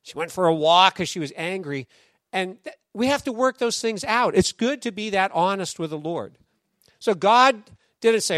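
A man preaching a sermon in a conversational, animated storytelling way, acting out quoted voices. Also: high voice, moderate pace, long pauses, no room sound, clean studio sound. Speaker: pastor.

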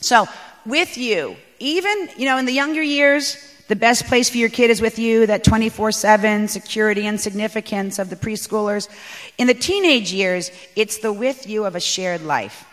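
A woman giving a talk on parenting to an audience, animated, emphatic and poking fun at herself. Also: mid-range voice, normal speed. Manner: animated and emphatic, self-mocking. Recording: echoey hall.

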